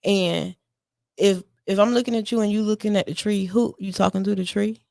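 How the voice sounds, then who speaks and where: A woman's voice: medium pitch, steady tone, a little fast, vocal fry, a little mellow, no echo, clean studio sound. A woman guest on a podcast explaining her parent coaching in an earnest, repetitive way. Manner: earnest, repeats herself, acts out lines to her kids. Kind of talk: casual podcast conversation.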